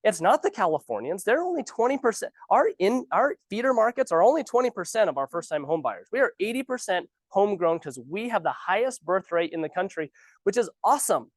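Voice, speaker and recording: Give me an animated, sarcastic man coaching new agents in a dry room. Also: high-pitched, a little fast, dry recording. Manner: animated, ranting, sarcastic asides. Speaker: real estate trainer. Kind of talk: casual training talk. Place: office training room.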